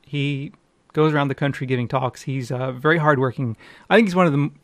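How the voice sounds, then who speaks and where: A man's voice: medium pitch, fast talker, fairly bright tone, dry recording. A man co-hosting a casual podcast, joking and talkative with his co-host.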